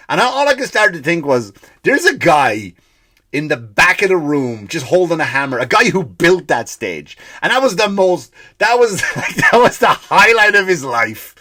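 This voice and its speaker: A man's voice: a little high, sing-song, normal speed, sharp tone. Ranting, profane comedy podcast man.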